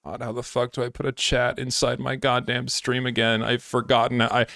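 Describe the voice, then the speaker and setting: A man's voice: mid-range voice, completely flat delivery, normal speed, vocal fry, pushed and bright. A man livestreaming, chatting to his viewers and muttering to himself as he fiddles with his settings, swearing often. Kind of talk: live stream chatter.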